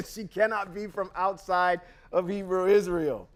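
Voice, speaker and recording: High-voiced, emphatic male podcast host. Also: slow. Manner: emphatic, confrontational, slangy asides. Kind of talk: scripture reading with casual commentary.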